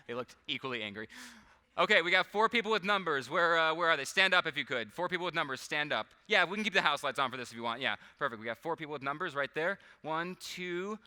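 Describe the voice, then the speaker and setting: Talking fast and animatedly in a slightly high, sharp voice, a man runs a live comic mind-reading routine on a large convention hall stage. He's chatty and self-deprecating, laughing a lot as he works with audience volunteers.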